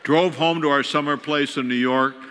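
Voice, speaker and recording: An older man with a bright, forceful voice, spinning a funny, self-mocking story for a church crowd. He acts out the scenes as he goes, and his voice rings with the long reverb of a big hall. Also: fairly high pitch, fairly even intonation, normal speed, a little hiss or hum. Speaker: guest speaker. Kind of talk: humorous storytelling sermon. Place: large church auditorium.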